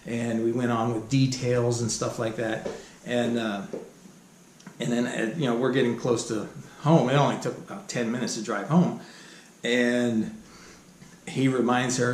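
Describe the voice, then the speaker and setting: A man's voice: mid-range voice, steady tone, unhurried, pauses often. Rambling middle-aged man in a roomy space. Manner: rambling, many fillers and restarts, chuckles as he goes. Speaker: author telling stories from his life. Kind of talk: casual spoken storytelling. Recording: roomy recording with faint background hum.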